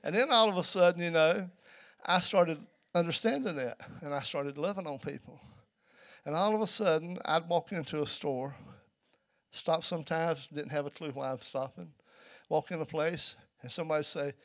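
A man preaching a sermon in a church, telling a story and building to loud, emphatic peaks. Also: fairly high pitch, moderate pace.

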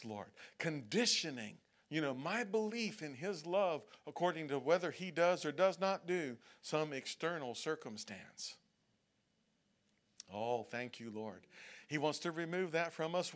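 A man's voice: a little high, a bit bright. Man preaching a conversational sermon. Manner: conversational preaching, frequent "okay?" checks, acted-out prayers and whining. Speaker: pastor. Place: church sanctuary.

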